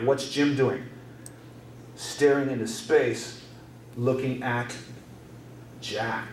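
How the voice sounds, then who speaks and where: A man's voice: mid-range voice, darkish tone, slight background noise. A man teaching an English class, explaining song lyrics in a repetitive way and checking in with rhetorical questions. His voice is recorded in an echoey room from a distant mic.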